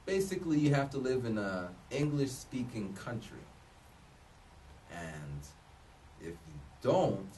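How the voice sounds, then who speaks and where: Guy in his 30s vlogging tips, voice jumps up and down a lot, kinda far from the mic, faint hum behind. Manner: loose, joking, restarts often, animated swings in pitch. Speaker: vlogger giving job advice. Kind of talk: casual talk to camera. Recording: voice a bit distant from the mic, faint room noise.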